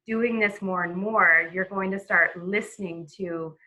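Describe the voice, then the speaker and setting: A woman giving a relaxed webinar lesson on a video call, talking casually with many fillers and restarts. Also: medium pitch, slow pace, rough recording. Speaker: presenter.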